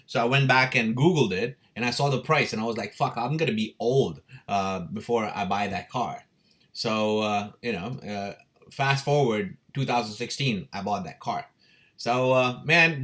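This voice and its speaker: Casual man telling his own story. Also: mid-range voice. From India. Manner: animated, swearing, laughs often. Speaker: crypto livestream host.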